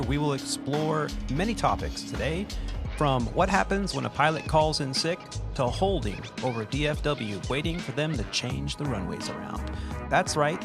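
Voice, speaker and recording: A man in his forties hosting from a home studio, telling stories in an animated way with plenty of laughter. His voice sits a little higher than most men's, and music plays underneath. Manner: animated storyteller who laughs often. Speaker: podcast host and airline pilot. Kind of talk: casual storytelling and scripted show intro.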